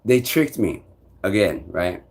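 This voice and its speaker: A man vlogging on a live stream. He rambles restlessly and swears often, jumping between loud outbursts and low mutters. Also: big pitch swings, takes it slowly, slightly rough.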